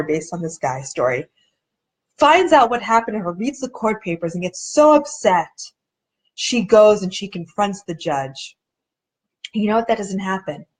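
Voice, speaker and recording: A woman hosting a casual live video chat, talking earnestly and conversationally, often acting out what other people said and sometimes restarting as she searches for words. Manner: earnest, conversational, acts out quoted people with shifting pitch.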